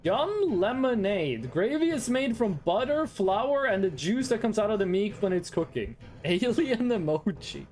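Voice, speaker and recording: A man's voice: sits high, sing-song, a little slow, hardly any pauses, darkish tone. A man from Norway, chatting casually with his stream chat in a playful, rambling, teasing way.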